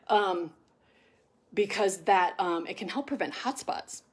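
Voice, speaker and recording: With a mid-range voice and an unhurried pace, a middle-aged woman rambles casually during a dog-grooming session. Her talk is full of ums and restarts, and she murmurs soft, cooing asides to her dog.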